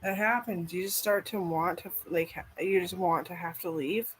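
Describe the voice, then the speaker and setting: A woman's voice: fairly low pitch, steady tone, moderate pace, a little hiss or hum, poor audio. Rambling, foul-mouthed woman vlogger. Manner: rambling, profane, frequent "like". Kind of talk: casual rambling chat.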